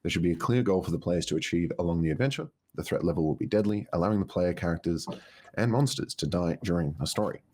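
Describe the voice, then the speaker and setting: A man's voice: deep voice, quick pace, a little mellow, breathy edge. A man co-hosting a livestreamed tabletop game, chatting casually and reading aloud in a dry, wry way. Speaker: livestream co-host.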